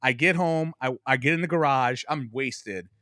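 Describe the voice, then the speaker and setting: A man's voice: mid-range voice, moderate pace, bright, forceful tone, dry recording, studio quality. A man in his forties from Buffalo, guest on a sports talk podcast, telling long profane stories with self-mocking humor. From Buffalo, New York. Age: 40s. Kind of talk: casual sports chat.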